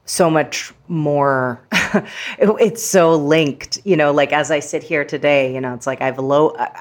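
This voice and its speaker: A woman guest, an actress and author, talking in a chatty, playful way with many fillers in a casual interview. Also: low-pitched.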